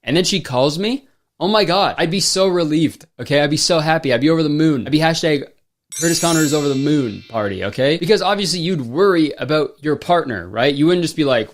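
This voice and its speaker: A man's voice: on the high side, lively intonation, fairly quick, soft background music. A young man, a comedian, giving sarcastic, exasperated comedic movie commentary with plenty of swearing. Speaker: comedian, host.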